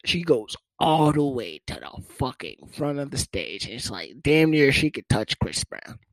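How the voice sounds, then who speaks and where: Casting: young man, stand-up storyteller, lively swooping pitch, dry close sound, crude and animated. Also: unhurried, no echo. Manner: profane, animated, jumps into high-pitched voices for quoted people. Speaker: comedian telling a story. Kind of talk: casual storytelling monologue.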